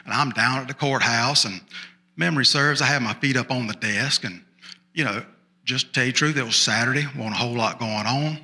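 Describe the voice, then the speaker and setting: A storyteller at a festival plays a small-town sheriff telling a folksy tall tale, drawling, chatty, and turning often to the audience with asides. His mid-range voice runs a little fast and sounds pushed and bright.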